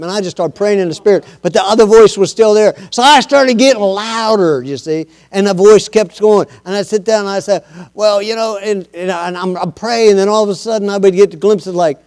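High-voiced preaching pastor, man. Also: fairly quick. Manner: impassioned preaching, builds from low and conversational to loud and high. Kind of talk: sermon.

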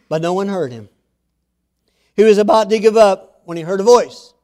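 A man preaching a sermon, telling a story and then speaking earnestly and quietly to his listeners. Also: high-pitched. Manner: slow, earnest, softening into quiet intimate tones.

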